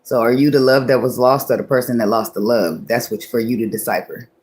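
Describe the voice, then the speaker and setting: A woman's voice: rumbling low, fairly even intonation, brisk, darkish tone. A woman giving a casual tarot reading, talking loosely, laughing often and cursing freely as she thinks aloud. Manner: muses aloud, often restarting thoughts. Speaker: tarot reader.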